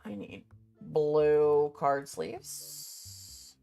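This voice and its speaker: Low-voiced sweary woman rambling. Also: very slow, vocal fry, dark tone, soft background music. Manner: muttering to herself while making a list. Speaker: vlogger. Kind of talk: casual chat.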